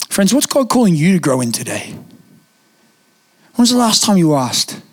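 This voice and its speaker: A young man preaching a sermon in a church, telling stories in a lively, conversational way with casual fillers. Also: high voice, moderate pace. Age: young adult. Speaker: pastor. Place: church auditorium.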